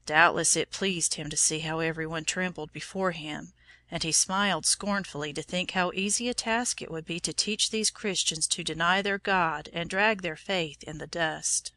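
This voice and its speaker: Brief: woman narrator, low-ish, bright and crisp tone, measured storybook reading. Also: fairly even intonation, no echo. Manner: measured and solemn.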